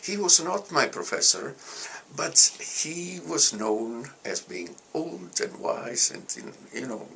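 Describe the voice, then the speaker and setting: An older man with an Italian accent, recalling his past in an interview in a halting way, often starting over and laughing at himself. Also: a little high, lively intonation, gravelly, sharp tone, a little hiss or hum. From Italy. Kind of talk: reminiscing interview.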